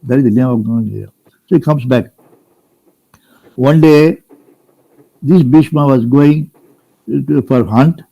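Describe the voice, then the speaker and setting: A man's voice: medium pitch, takes it slowly, vocal fry, pauses often, dark tone, no echo, low-quality recording. An older man from India retelling a scripture story to a group, rambling, restarting and asking plain questions as he goes. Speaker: spiritual storyteller.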